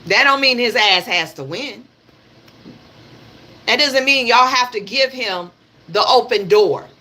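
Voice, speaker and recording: In an unhurried, slightly high voice that's bright and forceful, a livestream host gives blunt, emphatic political commentary. She speaks directly to viewers, repeats what she says and curses without restraint.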